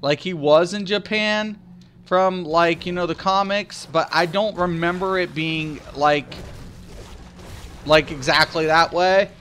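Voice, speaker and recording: A man chats loosely with his stream viewers, trailing into tangents and piling up restarts. His voice sits a bit high and comes across bright and forceful. A faint noise hangs under the recording. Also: takes it slowly. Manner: rambling, excitable, talks back to chat. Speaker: game streamer. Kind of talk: casual live-stream chat.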